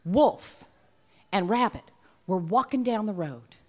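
A woman telling a folk tale aloud to a live audience in an animated, folksy way. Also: medium pitch, slow pace. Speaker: storyteller. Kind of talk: live oral storytelling.

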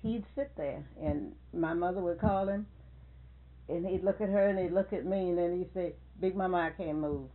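A woman's voice: fairly low pitch, moderate pace. Older woman telling family stories, tinny sound. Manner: lively, animated retelling with quoted dialogue. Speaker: interviewee. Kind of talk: storytelling in conversation.

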